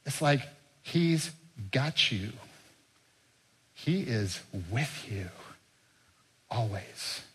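An older man preaching a sermon as pastor, in an earnest, conversational way that drops soft and quiet. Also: mid-range voice, animated, very slow, long pauses, husky.

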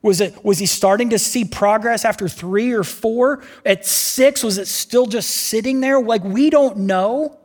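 This pastor's voice is high, and he preaches unhurriedly yet with hardly any pauses. Recorded in a reverberant church hall, he animates the sermon's story by performing the voices of its people.

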